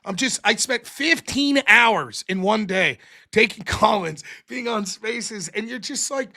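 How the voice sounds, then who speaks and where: A man hosting a live stream, chatting casually and mimicking other people with animated retellings; he says he is losing his voice. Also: sits high, a little slow, creaky. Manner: animated, mocking imitations of others. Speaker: host.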